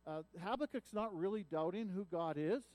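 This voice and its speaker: High-voiced guy preaching, earnest, gets loud and pleading on the quotes, dry sound. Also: moderate pace, no room sound. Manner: earnest preaching that swells when voicing a prophet's cries. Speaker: pastor. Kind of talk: sermon.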